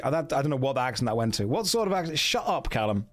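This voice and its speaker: An Englishman reading an adventure gamebook aloud to a stream audience, with a voice at an average pitch for a man. His narration is steady and dramatic, and he regularly breaks off into quick joking asides and laughs at himself. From England.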